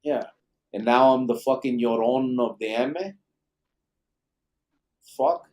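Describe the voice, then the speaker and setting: A man's voice: mid-range voice, steady tone, takes it slowly, darkish tone. A middle-aged man hosting a live late-night podcast, reading viewer comments in a laid-back, profane, joking way. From Arizona. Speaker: podcast host.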